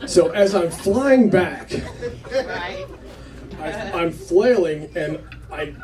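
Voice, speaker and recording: Male stand-up, slightly high voice, loose rambling storyteller, distant club recording with audience laughter. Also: animated, extremely slow. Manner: conversational, rambling with fillers, acts out quotes. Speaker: stand-up comedian. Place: small comedy club. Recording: club set taped from a distance, crowd laughter.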